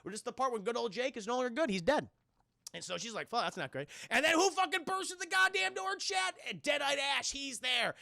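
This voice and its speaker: A young man giving an excitable, profane, scene-by-scene film recap and constantly addressing his live chat. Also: extremely high pitch, fairly quick, vocal fry, no room sound, studio quality. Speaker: film reviewer and streamer.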